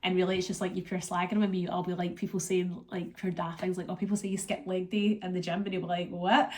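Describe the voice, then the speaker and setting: Speaking fast in a low, level voice, a Scottish vlogger talks casually to her camera. She's chatty and rambling, filling her speech with ums and likes, and sounds congested and worn out from being ill.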